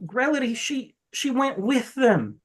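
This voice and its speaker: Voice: mid-range voice, very animated, unhurried, pitched above the performer's own voice. A game master voicing a nervous, overwhelmed male cleric who stammers and drawls in a put-on accent. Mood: anxious. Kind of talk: tabletop game role-play.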